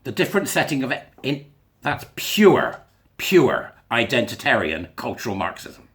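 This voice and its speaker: A man's voice: mid-range voice, sing-song, moderate pace, a bit bright. A man giving a sarcastic, sweary commentary as he reads passages aloud and mocks them. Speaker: commentator reading and rebutting a school policy. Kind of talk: ranting commentary.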